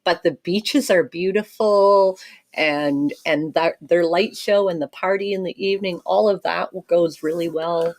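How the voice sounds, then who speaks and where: Middle-aged canadian woman, lowish voice, chatty, reading out viewer comments on a cruise stream. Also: unhurried. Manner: chatty, laughs often, reads viewer comments. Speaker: co-host of a cruise livestream. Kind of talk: casual livestream chat.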